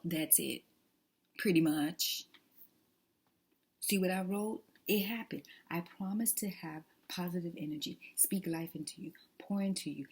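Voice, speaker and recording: A woman's voice: fairly low pitch, breathy edge. A woman talking casually to her viewers in an emphatic, preachy way, often dropping to a whisper. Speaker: vlogger. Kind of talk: casual testimony chat.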